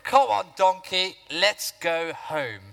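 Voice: mid-range voice, animated, slow, creaky, fairly bright tone, long reverb tail, heavily acted. A man playing a flustered, grumpy old prophet in a church skit, whining and complaining melodramatically. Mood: solemn.

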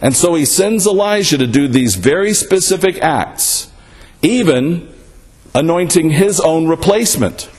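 High-voiced man preaching a sermon. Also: expressive, unhurried, a little mellow. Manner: asks rhetorical questions, often adds "right?".

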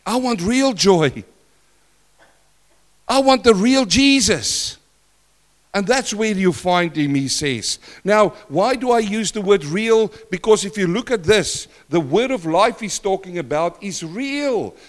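An older man preaching a sermon in church, questioning the congregation and swinging between loud and soft. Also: sits high, animated, slow pace. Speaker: pastor.

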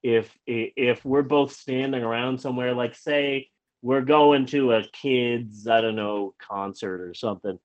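A man's voice: mid-range voice, measured pace, dry recording, lo-fi sound. A man casually telling a long personal anecdote as a podcast host, rambling with restarts and acting out what people said. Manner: animated, acts out quoted lines.

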